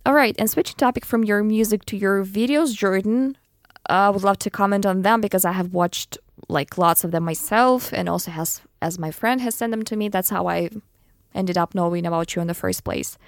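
A woman hosting a radio show, asking a guest questions in a deliberate, chatty way. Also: mid-range voice, no echo, studio quality.

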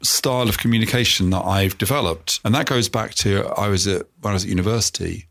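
A middle-aged man, an interview guest, telling stories about himself in a calm, self-effacing way, often stopping to restart. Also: lowish voice, fast talker, vocal fry. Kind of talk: reflective conversational storytelling.

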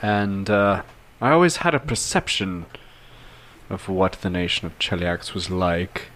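Deep-voiced man narrating his character. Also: measured pace, a bit bright, a little hiss or hum. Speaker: player. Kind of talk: tabletop role-play.

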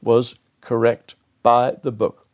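Older male guest, animated storyteller, plays out the quotes. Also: medium pitch, takes it slowly. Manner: animated, acts out quoted dialogue. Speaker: interview guest, former racing driver. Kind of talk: anecdotal storytelling.

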